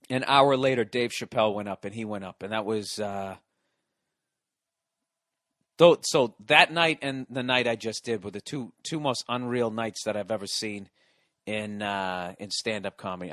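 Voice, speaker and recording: A man in his forties, a podcast host and stand-up comedian, telling a long story in a profane, excitable, rambling way with lots of restarts. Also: medium pitch, no echo, clean studio sound. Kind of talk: casual storytelling monologue.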